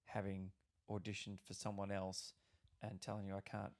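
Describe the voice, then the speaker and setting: A young Australian actor talking casually on a podcast, rambling and swearing freely with lots of restarts. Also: male voice, low voice, completely flat delivery, normal speed, a little mellow.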